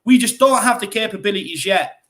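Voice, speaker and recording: Irish male co-host, high voice, chatty, filler-heavy live-stream delivery. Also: brisk, a bit bright. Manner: chatty, repeats himself, many fillers. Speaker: fan channel co-host. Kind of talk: casual live-stream chat reading comments.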